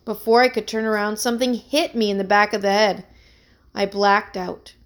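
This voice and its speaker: A woman's voice: mid-range voice, little pitch movement, normal speed, natural voice. A woman voicing an anxious young man, a musician accused of theft, who speaks in an earnest, pleading way in a read-aloud story.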